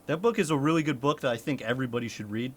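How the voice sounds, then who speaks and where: A man's voice: medium pitch, very fast, fairly bright tone. A young man from the United States, a streamer chatting casually with his chat, laughing often and swearing.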